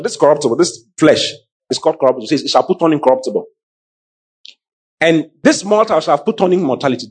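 Husky male preacher, middle-aged, slightly high voice, lively delivery calling to the congregation. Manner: animated preaching, calls to the congregation. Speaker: pastor. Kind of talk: sermon.

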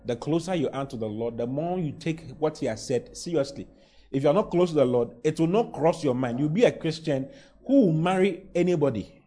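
A man preaching a sermon from the pulpit, his voice sitting a touch higher than most men's. He drives his points home with emphatic, rising exclamations and slips into playful mock voices. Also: animated, a little fast, mellow. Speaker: pastor.

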